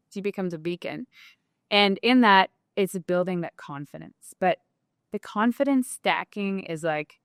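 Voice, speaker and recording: Animated, talkative woman guest. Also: medium pitch, unhurried, clean tone, dry recording, studio quality. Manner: animated, talkative, many "like" fillers. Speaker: guest entrepreneur. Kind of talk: casual interview talk.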